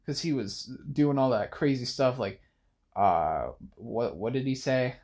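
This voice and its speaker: A man's voice: mid-range voice, animated, unhurried, a little mellow. Rambling young man musing late at night. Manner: rambling, with many fillers and restarts. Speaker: podcast host. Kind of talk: casual late-night monologue.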